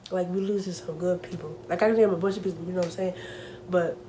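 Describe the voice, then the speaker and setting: A woman's voice: lowish voice, steady tone, fast talker, poor audio. A young woman talking casually to her camera at home, chatty and full of fillers, openly nervous. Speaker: vlogger.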